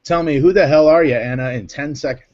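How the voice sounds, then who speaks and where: Guy hosting a live panel, jokey and rambly, kinda high voice, muffled lo-fi audio. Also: quick pace, darkish tone. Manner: joking, rambling. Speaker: host. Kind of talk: casual live panel chat.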